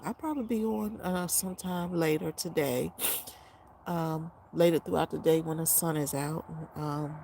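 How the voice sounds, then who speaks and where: Woman, fifties, low gravelly voice, unscripted vlog, rambling and heartfelt, faint hiss behind. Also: mellow. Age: 50s. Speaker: vlogger.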